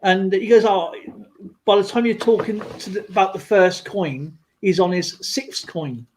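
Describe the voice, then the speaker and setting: A man chatting casually on a livestream, rambling through an animated story with lots of fillers. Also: high-pitched, unhurried, background noise. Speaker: guest on a livestream. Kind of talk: casual chat.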